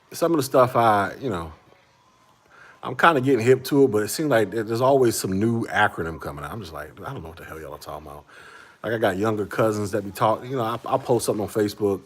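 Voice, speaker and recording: A man in his forties, a livestream host, chatting casually with viewers in a laid-back way and laughing often. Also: fairly low pitch. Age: 40s.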